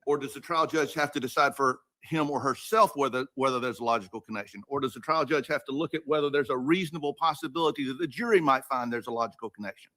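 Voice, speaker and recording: A man's voice: mid-range voice, fast talker, hardly any pauses, fairly bright tone. Man probing a lawyer from the bench. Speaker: appellate judge. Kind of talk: questioning from the bench. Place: courtroom.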